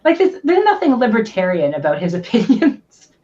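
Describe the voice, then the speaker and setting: A woman chats on a livestream over muffled, lo-fi audio. Her pitch swings widely, and she laughs often while searching for her words. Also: wildly swooping pitch, moderate pace, dark tone. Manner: laughs often, hesitant, lots of "like". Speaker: livestream co-host. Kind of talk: casual livestream chat.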